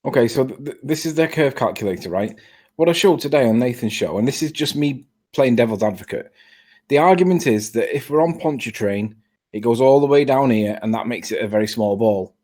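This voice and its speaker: Man on a call, insistent and stammery, mid pitch, casual debate. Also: lively intonation, fairly quick, darkish tone. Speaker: caller on a live stream. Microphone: video call.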